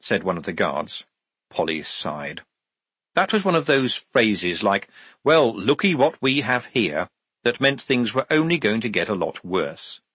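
A man narrating an audiobook with lively, expressive storytelling. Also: fairly low pitch, a little slow, slightly rough, no room sound. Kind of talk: scripted narration.

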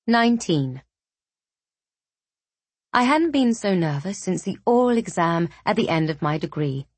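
A woman narrating a first-person novel in a measured, even audiobook reading. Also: on the low side, slightly rough, no echo.

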